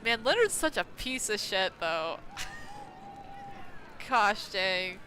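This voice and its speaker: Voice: mid-range voice, sing-song, a little slow, pushed and bright, slight background noise. A game streamer giving casual let's-play commentary, outspoken and swearing freely.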